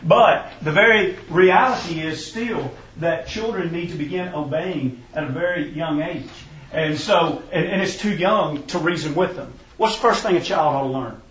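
A man preaching in a relaxed, folksy storytelling style. His voice sits a little high, and the sound is muffled, as if the mic is far away. The room around him is echoey. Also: normal speed, a little hiss or hum. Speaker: preacher teaching a parenting class. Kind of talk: sermon.

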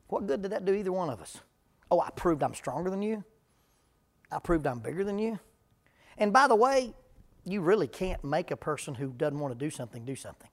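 A middle-aged man, a preacher giving a folksy, joking talk on parenting to a live audience. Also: fairly high pitch. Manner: humorous storytelling, deadpan jokes.

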